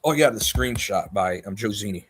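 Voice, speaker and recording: A man's voice: on the low side, expressive, moderate pace, a bit bright, slightly rough. A man hosting a livestream, chatting casually and mocking others as he rambles. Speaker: livestream host. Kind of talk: casual chat.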